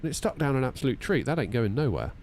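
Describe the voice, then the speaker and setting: A man's voice: medium pitch, big pitch swings, fast, a little mellow, a little hiss or hum. A man, chatting and joking with viewers while running through checklists on a live stream from a home setup. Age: 30s. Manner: chatty, jokey banter with viewers, self-mocking. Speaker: flight sim streamer. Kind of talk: live-stream chat while flying a simulator. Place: home simulator room.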